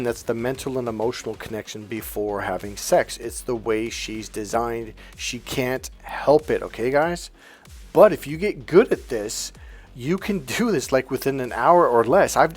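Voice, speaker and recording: A middle-aged man coaching on dating, telling a story in a blunt, emphatic, profane way. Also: mid-range voice. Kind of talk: casual storytelling advice monologue.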